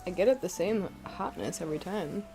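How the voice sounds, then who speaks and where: A soft-spoken woman streamer chatting casually while eating and gaming, murmuring between bites. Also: on the low side, a little fast, music in the background.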